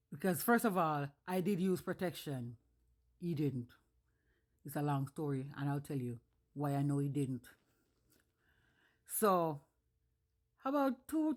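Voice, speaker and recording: Woman, casual storyteller; blunt, profane, animated delivery. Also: on the low side.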